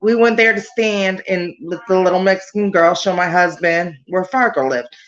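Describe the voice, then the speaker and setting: A woman's voice: on the low side, moderate pace, highs cut off. A grieving mother speaking in a remote interview, telling her story in a rambling way that keeps circling back to details. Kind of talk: remote interview over a call.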